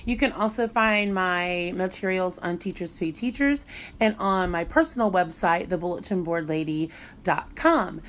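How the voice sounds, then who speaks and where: A woman's voice: lowish voice, moderate pace, fairly bright tone. A middle-aged woman music teacher giving a casual live online lesson, chatty and playful and often laughing.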